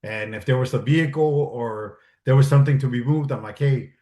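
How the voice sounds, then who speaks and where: A man's voice: mid-range voice, fairly quick, mellow. A man in casual interview chat, telling stories animatedly, acting out quoted dialogue and swearing freely. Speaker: guest, military advisor and stuntman. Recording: roomy echo.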